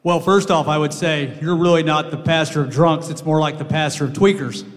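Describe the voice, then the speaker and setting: A man giving a personal testimony in a halting way, with many pauses and restarts. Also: fairly high pitch, fairly even intonation. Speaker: guest speaker sharing testimony. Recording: hall with long reverb.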